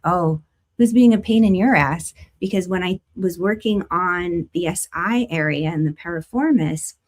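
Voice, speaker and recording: A chatty woman with a slightly low voice talks through a weekly tarot forecast. She moves between gentle guidance and lively personal anecdotes. Her asides come out playful and informal. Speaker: spiritual tarot reader. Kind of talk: casual spoken tarot forecast.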